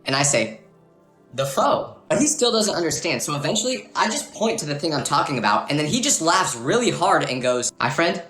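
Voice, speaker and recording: A young man telling comedic stories in a fast, animated monologue with exaggerated asides. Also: on the high side, echoey room, faint music behind. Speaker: storyteller.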